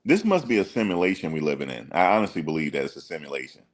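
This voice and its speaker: A man with a very low voice talks loosely and emphatically, heavy on slang. He keeps firing rhetorical questions as he reacts to a story. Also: big pitch swings, racing. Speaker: online commentator. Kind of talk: casual reaction commentary.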